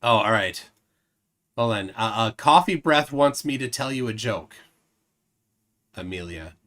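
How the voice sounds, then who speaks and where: A man's voice: lowish voice, animated, measured pace, fairly bright tone. A man hosting a live stream, reading viewer comments aloud and making wry remarks. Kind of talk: casual live-stream chat.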